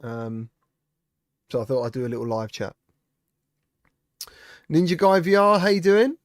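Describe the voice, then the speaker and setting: A man's voice: a little high, animated, a little slow, no echo, studio quality. A man hosting a casual live-stream chat, greeting viewers by name and answering their comments. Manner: chatty, reads out viewer comments and greets them. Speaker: streamer host.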